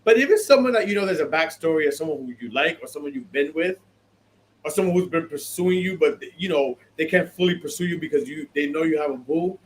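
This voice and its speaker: A man's voice: fairly high pitch, fast talker, slight background noise. A man co-hosting a podcast in casual chat, talking animatedly, repeating himself and laughing often. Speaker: podcast co-host.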